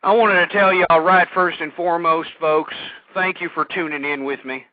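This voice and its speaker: A male talk radio host ranting through a monologue, swinging between shouting and weary sighs. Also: a little high, steady tone, normal speed, no room sound. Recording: dry tinny phone-line audio.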